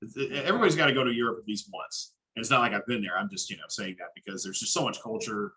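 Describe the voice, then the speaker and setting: A man hosts a podcast interview with a crisp, bright voice in an easygoing style. He rambles casually between questions and swears offhandedly now and then. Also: on the low side, rapid-fire, poor audio. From Dallas, Texas. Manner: laid-back, chatty, casual swearing. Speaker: podcast host.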